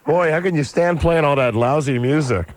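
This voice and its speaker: A man's voice: fairly high pitch, moderate pace, no echo. A man with an American accent hosting a comedy radio show, teasing and joking. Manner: wisecracking, teasing.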